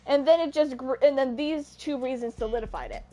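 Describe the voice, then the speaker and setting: A woman's voice: sits high, fairly quick, dark tone, faint music behind. A young adult woman streamer telling a personal story in a casual, rambling way, often stopping and restarting her sentences. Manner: rambling, self-interrupting, earnest.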